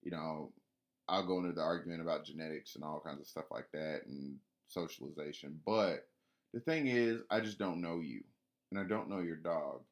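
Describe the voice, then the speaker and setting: A man's voice: rumbling low, normal speed. A man talking casually about training his dog, rambling with frequent restarts and fillers. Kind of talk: casual spoken monologue.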